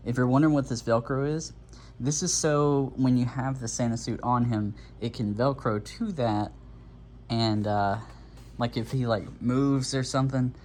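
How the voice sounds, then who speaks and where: A man's voice: mid-range voice, a little hiss or hum. A man casually talking through an unboxing at home, a bit out of breath, rambling with lots of fillers and little chuckles. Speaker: vlogger.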